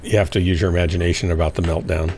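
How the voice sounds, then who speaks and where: A man's voice: sits low, little pitch movement, very fast, a little mellow. A man streaming a mech game, chatting casually and playfully with teammates. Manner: playful, hums and scats while waiting. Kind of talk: casual gaming chat with teammates.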